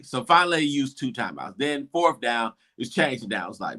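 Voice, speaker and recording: Animated man recapping a game. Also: a little high, normal speed, hardly any pauses. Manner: excited storytelling, acts out crowd reactions. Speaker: show host.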